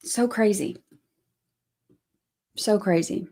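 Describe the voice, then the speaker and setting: A woman's voice: mid-range voice, takes it slowly, warm tone. Woman, thirties, livestream host, casual chat, firm and chatty. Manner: firm scolding then chatty explaining. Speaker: livestream host giving trial commentary.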